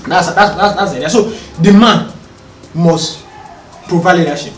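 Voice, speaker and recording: A man, a podcast co-host talking calmly and earnestly, often checking whether he is understood. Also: sits high, measured pace, a little hiss or hum. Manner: calm, earnest, explaining with rhetorical checks. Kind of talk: casual conversation. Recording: roomy, distant mic, faint music.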